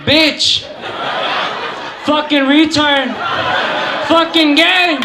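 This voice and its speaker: Stand-up comic, crude ranter, very high voice, club noise. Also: male voice, fairly even intonation, echoey room, a crowd in the background. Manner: crude, rapid ranting. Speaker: stand-up comedian. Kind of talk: stand-up comedy set. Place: comedy club stage.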